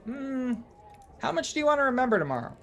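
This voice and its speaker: A man's voice: very high voice, very animated, quick pace, creaky, a bit bright, pitched above the performer's own voice, heavily acted. A man voicing a tiny female gnome bartender who talks in a chirpy, offhand way.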